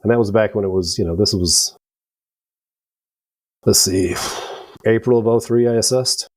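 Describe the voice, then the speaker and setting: A man's voice: lowish voice, moderate pace, no room sound, low-quality recording. A middle-aged American man, a veteran guest on a podcast, telling rambling stories with profanity and acted-out dialogue. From United States. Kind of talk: casual storytelling.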